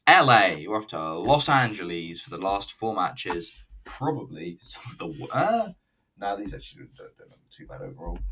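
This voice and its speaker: A rambling, sweary man talks his way through a wrestling show in a loose, jokey commentary. His voice sits a little low but sounds bright and forward. He is a bit distant from the mic, with a faint hiss underneath. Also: expressive, normal speed. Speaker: wrestling reviewer. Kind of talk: casual video commentary.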